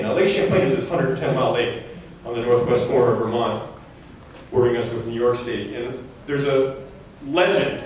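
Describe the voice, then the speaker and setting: A man's voice: mid-range voice, a little hiss or hum. Echoey, far-off man telling a eulogy. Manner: chatty anecdotal storyteller, laughing through his stories. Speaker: eulogy speaker. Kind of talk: humorous memorial eulogy storytelling.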